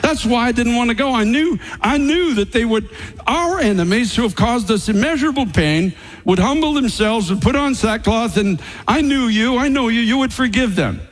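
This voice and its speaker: A man's voice: extremely high pitch, expressive, normal speed, big-room sound, voice pushed up. A man voicing an angry, sulking male prophet who complains bitterly. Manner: indignant, complaining.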